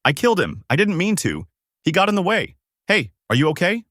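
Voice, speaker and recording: Man doing a young woman adventurer, shrill, indignant, high-pitched, close dry sound. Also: sing-song, fairly quick, fairly bright tone, no echo. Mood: panicked.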